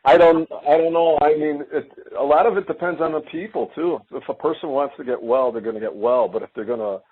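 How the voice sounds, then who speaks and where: A man talking as a guest on a call-in show, plain-spoken and halting, often repeating his words. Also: on the high side, husky. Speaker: guest healer. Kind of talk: casual call-in talk. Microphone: phone. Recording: tinny phone-line audio.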